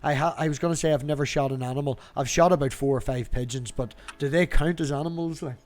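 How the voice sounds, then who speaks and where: Northern irish guy hosting a chill stream, blunt and sweary, kinda high voice. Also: steady tone, quick pace, darkish tone. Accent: Northern Irish, Newry border area. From Northern Ireland, near Newry. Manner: blunt, swearing, chatty storyteller. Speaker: stream host. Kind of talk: casual chat on a video call.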